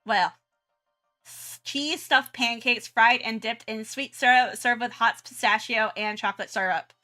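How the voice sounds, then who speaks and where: A woman's voice: fairly high pitch, a little slow, sharp tone, soft background music. A young woman chatting casually and giggling often while she draws on a live stream. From Southern United States. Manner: chatty and giggly, many restarts and fillers. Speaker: art streamer.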